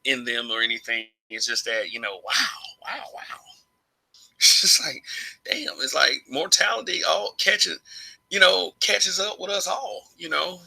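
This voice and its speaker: A man's voice: mid-range voice, gravelly, sharp tone, poor audio. A man from Alabama giving his opinions in a casual vlog monologue, rambling, restarting phrases and chuckling often. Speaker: vlogger.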